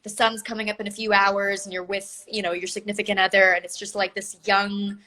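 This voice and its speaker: A young woman speaks over a phone video call as a guest. Her voice is bright and clear, and she talks in loose, rambling sentences full of filler words. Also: medium pitch, flat delivery, brisk, rough recording. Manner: chatty, lots of filler words. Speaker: interview guest. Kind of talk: casual video-call interview.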